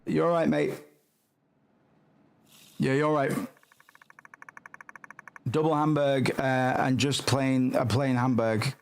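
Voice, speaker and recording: Gravelly swearing streamer. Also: male voice, medium pitch, slow pace, pauses often. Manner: swearing, rambling, playfully rude to game characters. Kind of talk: casual gameplay commentary.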